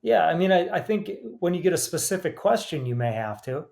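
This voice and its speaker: A man's voice: on the high side, sing-song, fairly quick, gravelly, a little mellow. A man speaking as a guest on a podcast panel, thinking aloud in a tentative way.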